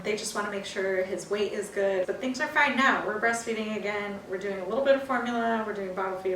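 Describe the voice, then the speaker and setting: A young woman from California chatting about her life in a casual video diary, telling her story with animated energy. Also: mid-range voice, moderate pace, hardly any pauses. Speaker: vlogger. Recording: roomy, from a distance, faint hiss.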